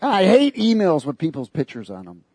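Animated preacher man, fairly high voice. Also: normal speed, no room sound. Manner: animated, sarcastic, chuckles between points. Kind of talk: sermon.

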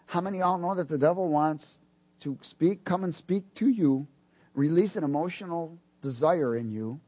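A man preaching a sermon, animated and building to loud emphatic peaks, acting out quoted dialogue along the way. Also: a little high. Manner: acts out quoted dialogue in other voices. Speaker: pastor.

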